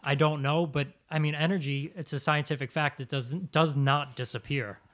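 Man musing on a talk show, higher voice. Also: fairly even intonation, normal speed, fairly bright tone. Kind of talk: casual chat.

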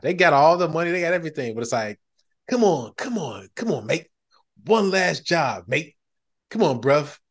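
A man hosting a podcast in casual chat, animated and breaking into loud excited bursts. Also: medium pitch. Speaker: podcast host.

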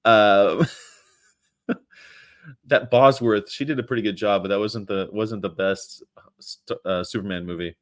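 Sarcastic rambling man, lowish voice. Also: steady tone, a little slow, long pauses. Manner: sarcastic, rambling, laughs often. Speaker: livestream host. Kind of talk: casual chat reacting to comments.

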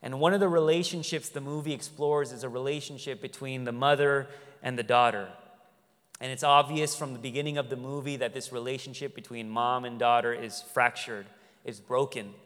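A man delivering an earnest sermon in a smooth, resonant voice. He swings from loud, emphatic lines to quiet, tender ones. His words carry a long reverb from a large hall. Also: mid-range voice. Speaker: pastor.

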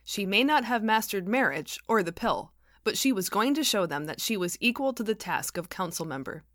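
A woman reads her own novel aloud in a wry, dry narrating voice. The sound is close and dry, with steady, even storytelling. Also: medium pitch, moderate pace, no room sound. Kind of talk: audiobook narration.

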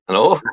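A man's voice: high voice, sharp tone, breathy edge. A Scottish man co-hosting a podcast in casual chat, laughing easily and chiming in with short replies. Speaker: podcast co-host. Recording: dull lo-fi sound.

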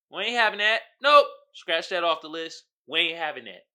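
A man hosting a casual comedic commentary show, speaking, animated with loud outbursts and laughing asides. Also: fairly high pitch, normal speed, hardly any pauses, smooth. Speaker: podcast host.

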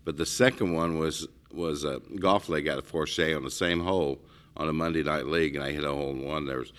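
A man's voice: a bass voice, fairly even intonation, fairly quick, a bit bright. A middle-aged man casually telling stories in a rambling way, with frequent restarts. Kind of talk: casual conversation.

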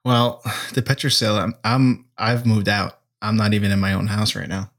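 A man's voice: on the low side, fairly even intonation, normal speed, a bit bright. A man co-hosting a podcast in casual chat, putting on a mock-mournful, overdramatic tone. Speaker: podcast co-host.

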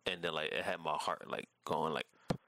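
A man's voice: rumbling low, steady tone, fairly quick, gravelly, pushed and bright, a little hiss or hum. A man in a casual chat, talking in a laid-back way with hesitant, stammering restarts.

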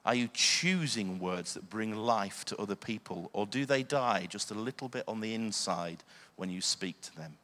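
A man's voice: on the low side, moderate pace, few pauses, bright, forceful tone. A man preaching a sermon, earnest, often asking the listeners questions. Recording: long hall reverb.

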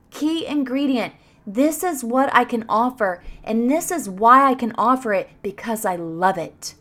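A woman in her thirties hosting a motivational podcast for teachers, talking with gushing, encouraging enthusiasm. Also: a little high. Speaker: podcast host coaching teachers.

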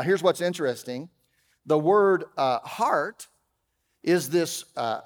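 A man preaching a sermon as pastor, conversational, with humorous asides, swinging from loud emphasis to quiet. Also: fairly high pitch, long reverb tail. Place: church auditorium.

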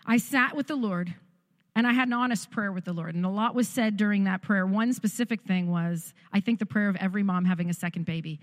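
Speaking fast in a mid-range voice, a middle-aged woman gives her testimony in a space with a big-room sound. Her storytelling is frank and self-mocking.

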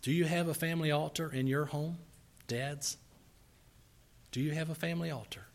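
A man preaching a sermon in a church service, earnestly pleading with and exhorting his congregation, rising to forceful emphasis. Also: on the high side, steady tone, normal speed, gravelly.

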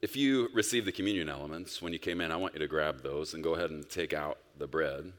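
A male pastor preaching a sermon, emphatic, swinging between loud bursts and soft, quiet stretches. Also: extremely low pitch, fast. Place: church sanctuary. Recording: long reverb of a large hall.

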